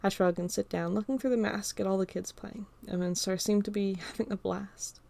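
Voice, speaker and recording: A woman narrating an audiobook in a steady storytelling read. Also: mid-range voice, fairly quick, gravelly.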